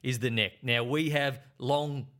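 A man's voice: medium pitch, steady tone, measured pace, fairly bright tone. A middle-aged Australian man, a former footballer, telling stories and teasing in casual podcast chat. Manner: jokey, teasing banter. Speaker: podcast co-host, former Australian rules player.

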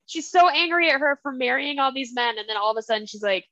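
A woman's voice: high-pitched, quick pace, hardly any pauses, sharp tone, dry recording, dull audio. A woman co-hosting a casual book podcast, retelling the story with feeling and acting out little quoted lines. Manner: emotional, retells the plot with little quoted voices. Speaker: podcast co-host.

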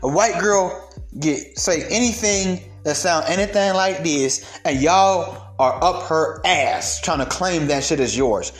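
A man's voice: fairly high pitch, slow pace, soft background music. A young man delivering a heated, profane rant of social commentary, emphatic and blunt.

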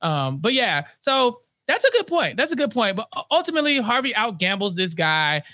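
Male podcast co-host, dry close sound, lively chatty delivery with acted-out quotes. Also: sits high, no room sound. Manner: animated, acts out characters' lines in quick bursts. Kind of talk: casual recap chat.

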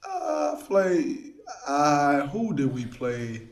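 Lively storytelling man, fairly high voice. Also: very slow. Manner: animated storytelling, acts out his own shouts. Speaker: guest, pro athlete. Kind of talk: casual chat.

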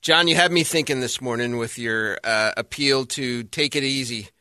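A man co-hosting a talk show who makes dry, deadpan confessions in casual banter. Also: medium pitch, moderate pace, dry recording.

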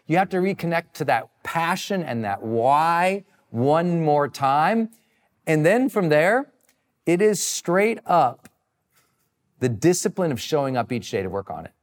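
A man giving a motivational talk and answering audience questions, energetic and emphatic, swinging his pitch wide for emphasis. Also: unhurried, long reverb tail. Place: live session with friends present.

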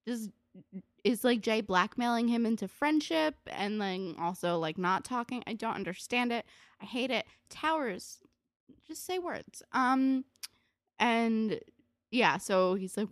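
A woman's voice: a little high, lively intonation, unhurried, no room sound, clean studio sound. A woman chatting casually about a TV episode, sarcastic and full of "like", swearing now and then. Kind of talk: casual recap chat.

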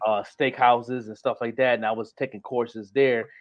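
A man from Buffalo, New York, speaks with a Buffalo accent as a guest in a casual podcast interview, restarting his sentences over and over and using laid-back slang. His voice is medium-pitched with a level tone and moderate pace, in dull lo-fi audio with faint music behind it.

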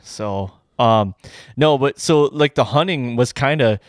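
A man's voice: mid-range voice, a little slow, no room sound, clean studio sound. A man co-hosting a casual podcast, joking around and prompting his partner with questions. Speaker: podcast co-host.

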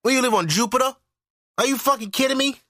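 High, bright-voiced man ranting. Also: quick pace, slight background noise. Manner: loud, profane, incredulous ranting. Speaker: podcast host. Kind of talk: ranting solo podcast commentary.

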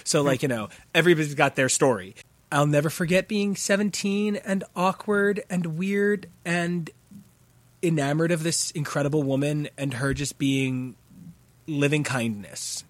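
A man co-hosting a podcast, telling a story in an animated, excitable casual chat. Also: on the high side, a little slow, dry recording. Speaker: podcast co-host.

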